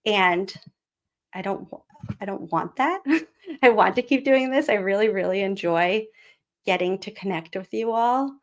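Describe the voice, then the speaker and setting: A former teacher hosts a casual live stream, chatting, rambling, and reading aloud with plenty of fillers and giggles. Her voice is medium-pitched and a little slow, with long pauses.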